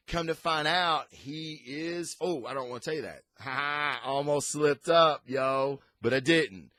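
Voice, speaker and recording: A man's voice: fairly high pitch, a little slow, pushed and bright, no echo. A man hosting a casual comic book review, rambling and enthusiastic with frequent restarts.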